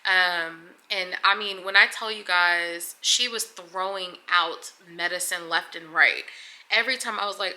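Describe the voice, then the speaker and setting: A woman's voice: fairly low pitch, unhurried, sharp tone. A young woman vlogger recounting a hard birth in a candid, emotional way, swearing freely and at times near tears. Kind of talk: casual confessional storytelling.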